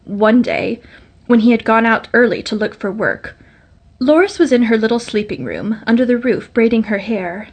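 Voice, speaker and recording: Woman storyteller, fairly high voice, gentle and measured, fairytale audiobook. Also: animated.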